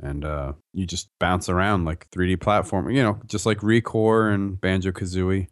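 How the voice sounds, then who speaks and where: A man's voice: deep voice, steady tone, normal speed, dry recording, clean studio sound. A man on a casual podcast who explains things plainly, hesitating with fillers.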